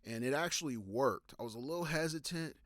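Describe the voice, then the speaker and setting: Recorded with clean studio sound and no echo, this man's mid-range voice is expressive, fairly quick and fairly bright. He offers photography tips in a loose live-stream style, with fillers and restarts, answering viewers' questions as they come in.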